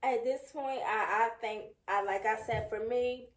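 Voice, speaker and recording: A woman in her thirties with a fairly high voice co-hosts a podcast, chatting casually but speaking frankly and with emphasis at an unhurried pace. The room sounds echoey.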